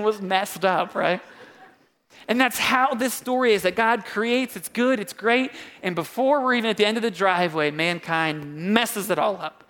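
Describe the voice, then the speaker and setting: A young man preaching a sermon in a church, casual and joking, swinging widely between high and low. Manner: casual and joking, with wide swings of pitch and loudness. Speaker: pastor.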